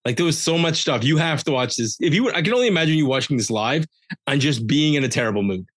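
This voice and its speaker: A man's voice: on the high side, animated, fast, no room sound. A man hosting a podcast, giving a casual, joking, rambling recap of a wrestling show. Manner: jokey, rambling, with playful asides. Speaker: podcast host.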